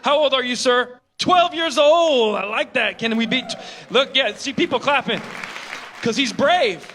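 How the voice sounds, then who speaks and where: A man's voice: very high-pitched, animated, normal speed, bright, forceful tone, a faint crowd, a little hiss or hum. A man doing a live stand-up set, teasing and bantering with the audience. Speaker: stand-up comedian. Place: comedy club stage. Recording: live club audience behind.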